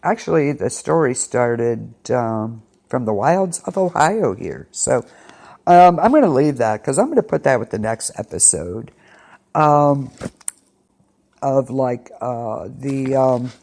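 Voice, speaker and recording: A woman's voice: a bass voice, big pitch swings, takes it slowly, a little mellow. A woman hosting an internet radio show, rambling through a casual rundown of upcoming shows with lots of ums and restarts. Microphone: studio mic, pre-recorded.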